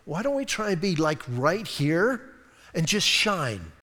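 A man's voice: a little high, sing-song, measured pace, sharp tone. A man preaching a sermon as a pastor, conversational and enthusiastic, addressing a congregation in a church. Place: church sanctuary. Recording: long reverb in a church hall.

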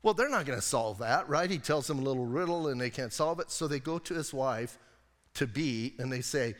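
A man's voice: medium pitch, expressive, a little fast, fairly bright tone. A man preaching a sermon as pastor, retelling a story in a casual, joking way with lots of rhetorical questions. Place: church sanctuary. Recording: long hall reverb.

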